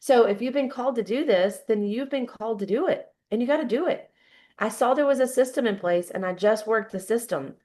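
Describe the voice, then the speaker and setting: A woman's voice: on the high side, fairly quick, mellow. A woman in her fifties, a guest speaker giving a fired-up motivational talk full of storytelling.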